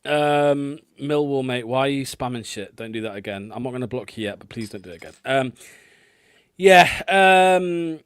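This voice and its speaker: A man's voice: mid-range voice, animated, moderate pace, clear, resonant tone, no room sound, studio quality. A man hosting a football fan live stream, chatting casually and swearing often, with lots of filler ums. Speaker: host of a fan watchalong stream.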